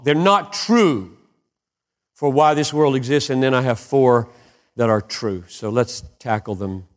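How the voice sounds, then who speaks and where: A man delivers a sermon, slow and deliberate, with a fairly high voice. He sinks to near whispers, then surges upward to fervent, emphatic peaks. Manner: impassioned, swings from hushed to soaring emphatic peaks. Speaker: pastor.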